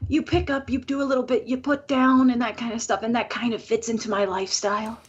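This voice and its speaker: A woman's voice: on the high side, level tone, fast. Blunt, wry woman with a muffled mic. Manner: blunt, swears freely, wry self-deprecating humor. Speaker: podcast co-host. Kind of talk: casual chat.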